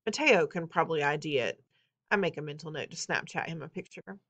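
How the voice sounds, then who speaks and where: Brief: female reader, wry expressive first-person novel narration, lowish voice. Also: fairly quick. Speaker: audiobook reader.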